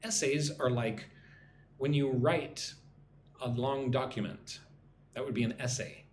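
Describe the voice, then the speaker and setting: A man teaching an English lesson on a live stream, talking slowly and checking in with "right?" after his points. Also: medium pitch, slight background noise. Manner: slow, repeats points with frequent "right?". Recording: echoey room, faint ambience.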